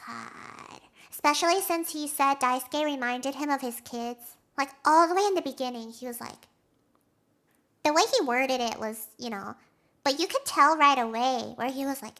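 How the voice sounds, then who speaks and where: A young woman streamer chatting casually with her live audience, giggly and quick to react emotionally. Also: sits high, animated, a bit bright. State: has a headache.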